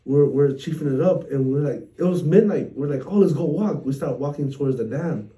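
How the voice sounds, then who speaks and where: A man's voice: mid-range voice, a little fast, dark tone, recorded from a distance, poor audio. Slangy man telling scary stories. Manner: rambling, heavy slang and swearing. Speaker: podcast co-host. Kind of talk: casual storytelling chat.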